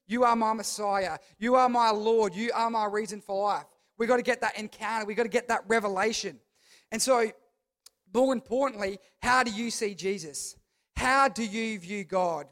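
A man's voice: very high voice, fairly bright tone. A man preaching a youth sermon, emphatic, repeating his phrases and asking the crowd to respond. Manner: talks to the crowd, asks them to repeat. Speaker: youth pastor.

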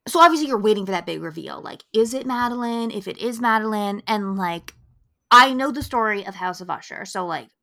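Female podcast co-host, bright tone, animated casual chat, salty language. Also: mid-range voice, fairly quick, gravelly. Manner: animated, swears freely, acts out quotes.

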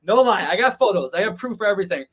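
On a podcast, a man with a high, light, husky voice animatedly relates a rowdy travel story in a casual way. He swears freely and does quick voices for those he quotes.

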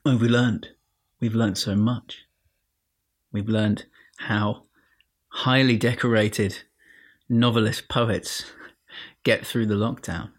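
A man's voice: lowish voice, steady tone, slow pace. A man hosting a podcast, dry and self-mocking, wrapping up a show and reading a short piece, sometimes dropping to near-whispers. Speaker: podcast host.

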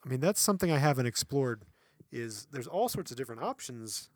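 A man co-hosting a podcast in casual chat, animated and laughing often, now and then reading from an article. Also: medium pitch, fairly quick, dry recording, studio quality. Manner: animated, laughs often, breaks into playful voices. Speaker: podcast co-host.

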